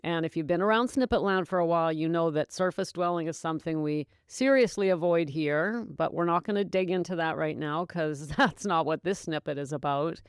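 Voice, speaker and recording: A woman's voice: low voice, fairly quick, few pauses, smooth, dry recording, studio quality. A woman hosting a solo sobriety podcast, talking in a chatty, encouraging way and laughing often. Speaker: podcast host and sobriety coach. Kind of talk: casual solo podcast talk.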